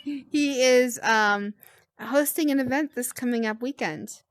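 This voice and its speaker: A woman hosting a casual interview, friendly and quick to laugh. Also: fairly high pitch, no room sound. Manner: friendly, asks questions, laughs easily. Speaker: host.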